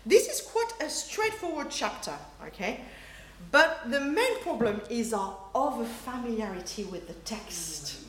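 Lively woman preaching in an echoey hall. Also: on the high side, unhurried, slight background noise. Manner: lively, animated, acts out quoted reactions, laughs often. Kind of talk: sermon. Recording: roomy hall echo, faint ambience.

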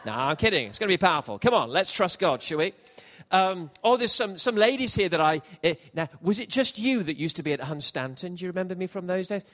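Animated preacher telling comic stories. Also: male voice, high-pitched, fairly quick, hardly any pauses. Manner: animated, jokey, swings from quiet asides to shouting. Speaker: pastor. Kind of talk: sermon with comic storytelling. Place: church hall with congregation.

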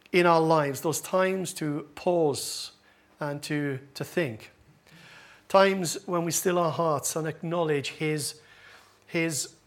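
A male pastor preaching a sermon to his congregation, with a humorous, self-deprecating manner. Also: a little high. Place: church with congregation. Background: congregation laughing.

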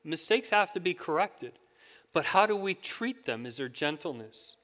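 Man, pastor, sermon, conversational storytelling, slightly high voice, long hall reverb. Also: expressive, normal speed, fairly bright tone. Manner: conversational storytelling with questions to the congregation.

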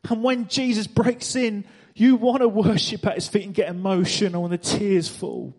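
A man's voice: sits high, moderate pace, few pauses, a little mellow, breathy edge. A man preaching a sermon to a congregation, emphatic, repeating phrases and asking the room rhetorical questions. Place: church stage before a congregation.

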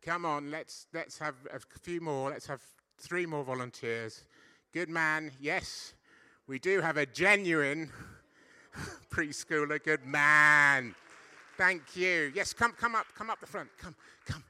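Man preaching, middle-aged, very bright tone, chatty, playful, questions to the congregation. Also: fairly high pitch, takes it slowly, clean tone. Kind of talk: lively church sermon. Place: church service.

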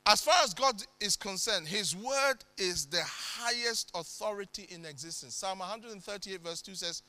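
Man, preacher, sermon, high voice, dramatic loud bursts. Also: normal speed, no room sound.

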